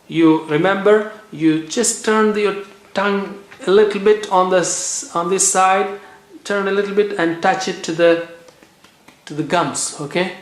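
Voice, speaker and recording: A man teaching tajweed, slowly repeating each letter sound and checking in with "okay" as he drills pronunciation. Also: a little high. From India. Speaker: Quran recitation teacher. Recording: echoey room.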